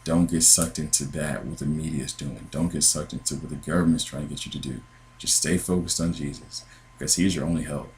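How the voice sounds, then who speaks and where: A man's voice: a bass voice, steady tone, a little fast, a little mellow, a little hiss or hum, low-quality recording. A man telling his dreams in a casual, earnest testimony, meandering with many fillers and restarts. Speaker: Christian podcaster sharing dreams. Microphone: computer with headphones.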